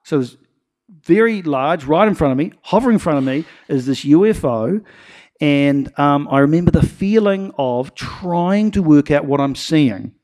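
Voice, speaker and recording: NZ-male pastor, animated sermon storyteller, slightly higher voice. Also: moderate pace. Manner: animated storytelling with acted-out quotes.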